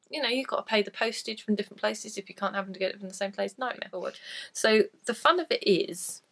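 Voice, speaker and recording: Brief: woman podcast host, rambling crafty chat, a bit croaky with a cold, gravelly edge. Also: medium pitch, lively intonation, brisk, sharp tone. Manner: chatty and rambling, self-deprecating. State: coughing from a cold. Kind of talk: casual chat.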